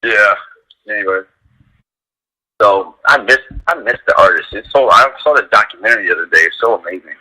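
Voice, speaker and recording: Male radio guest, dog trainer; bright, cutting tone; casual, rambling, animated storyteller. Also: a little fast, breathy edge, poor audio. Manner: animated storyteller, heavy use of "like", acts out quotes in a higher voice.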